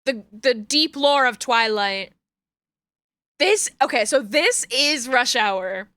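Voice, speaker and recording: Giggly high-voiced woman streamer. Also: takes it slowly, no echo. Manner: giggly, animated storytelling. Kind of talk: casual stream chat.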